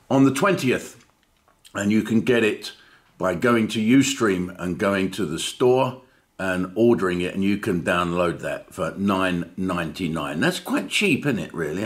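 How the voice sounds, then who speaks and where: Low-voiced man chatting to camera. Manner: chatty storytelling, full of fillers and asides; jokey and self-mocking. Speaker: comedian and channel host. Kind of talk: casual chat to camera.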